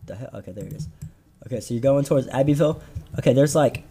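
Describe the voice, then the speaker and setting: Young man, dark mellow tone, slangy and rambling, casual podcast storyteller. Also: mid-range voice, fast talker, slight background noise. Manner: rambling, slangy, laid-back. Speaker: podcast co-host.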